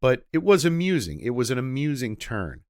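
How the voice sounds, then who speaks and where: A man's voice: mid-range voice, sing-song, brisk, a little mellow, no room sound. A man co-hosting a casual movie-review podcast, making dry, sarcastic remarks. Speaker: podcast co-host.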